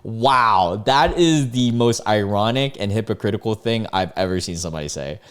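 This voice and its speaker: A man hosting a reaction video, reading out texts and reacting with animated disbelief. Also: lowish voice, moderate pace, clean tone.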